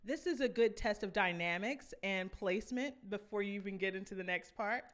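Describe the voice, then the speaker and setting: A woman's voice: mid-range voice, a little fast, fairly bright tone. A woman vocal coach, teaching vocal runs and singing short demonstrations between explanations. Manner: enthusiastic, breaks into sung demonstrations.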